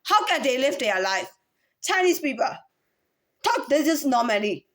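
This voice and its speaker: High-voiced woman lecturing insistently. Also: sing-song, moderate pace, a bit bright. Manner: demonstrates different speaking voices in a repetitive, insistent way. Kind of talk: lecturing monologue.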